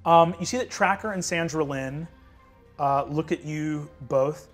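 A man narrating a tabletop game as game master, lively and peppered with fillers between vivid scene-setting. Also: a little high, a little slow, faint music behind.

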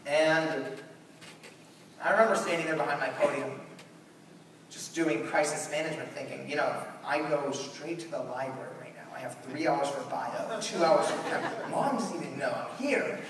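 Young male keynote speaker, high lively voice, echoey far-off hall sound. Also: normal speed, crowd noise. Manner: animated, acts out quotes. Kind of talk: storytelling keynote. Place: large conference hall.

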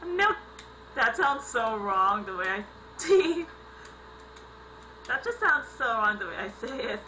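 A young woman hosting a gaming channel, giving excitable let's-play commentary with sudden yelps and laughs, on a home recording with mains hum. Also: high voice, measured pace, rough recording.

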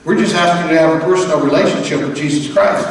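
A high-voiced man preaches a sermon in a big, echoey church hall, heard from a distance with a long reverb tail. He talks to the congregation in a conversational, animated way and slips into quoted voices now and then. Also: quick pace. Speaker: pastor.

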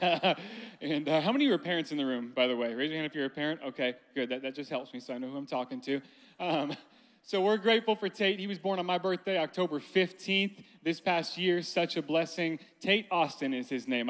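A man in his thirties, with a high, fairly bright voice, preaches at a large conference hall. His sermon includes a humorous family story told directly to the audience, with long hall reverb.

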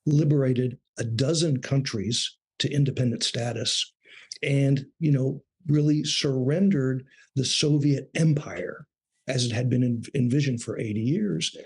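A middle-aged man, a guest on an interview show, talking in a measured, thoughtful way about his years as a foreign correspondent. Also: mid-range voice, fairly even intonation, darkish tone, breathy edge. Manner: measured, thoughtful, with small restarts. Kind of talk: reflective interview talk.

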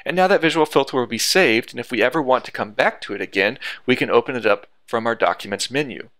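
A man teaching a software tutorial over a screen recording, explaining each step methodically. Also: medium pitch, expressive, fast talker, no room sound.

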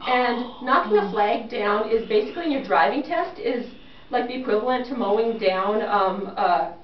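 Animated woman storyteller, distant in a roomy space. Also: fairly high pitch, normal speed. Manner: animated, self-mocking, acts out quoted lines. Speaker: speaker telling a personal story. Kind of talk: humorous personal storytelling to listeners. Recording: roomy, distant, dull recording with faint hiss.

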